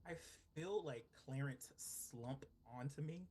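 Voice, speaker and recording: A man casually playing his character in a tabletop game, chatty and animated. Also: medium pitch, takes it slowly, breathy edge. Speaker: player.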